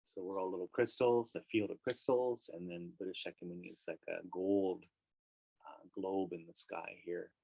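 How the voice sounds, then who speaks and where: A man with a deep, gravelly voice guides a meditation class. He talks in a relaxed, conversational way with casual fillers. The sound is close and dry. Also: moderate pace, no echo, muffled recording. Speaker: meditation teacher.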